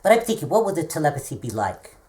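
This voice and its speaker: A woman's voice: low-pitched, big pitch swings, fast talker, a little mellow, slight background noise. A woman improvising an unscripted scene in a questioning, easygoing way.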